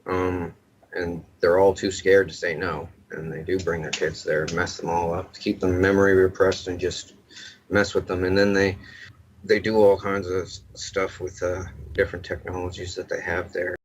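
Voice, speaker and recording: A man in a casual interview, telling things in a flat, steady way. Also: low voice, normal speed. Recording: dull lo-fi recording with faint noise.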